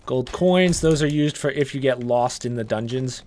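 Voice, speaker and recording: A young man giving casual gameplay walkthrough commentary, relaxed and chatty, with frequent "uh" and "um" as he explains each step. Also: medium pitch, moderate pace. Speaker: gaming guide creator.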